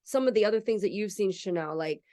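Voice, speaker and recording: A woman's voice: medium pitch, animated, fast, dark tone. Chatty, candid woman podcast host. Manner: chatty, candid, swears casually. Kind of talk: casual spiritual podcast chat.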